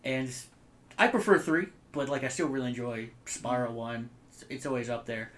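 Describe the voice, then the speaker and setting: A man's voice: medium pitch, moderate pace. A man in his twenties co-hosting a casual podcast, telling rambling stories with lots of fillers and swearing. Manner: rambling, animated storytelling with frequent fillers and swearing. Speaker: podcast co-host. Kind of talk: casual chat.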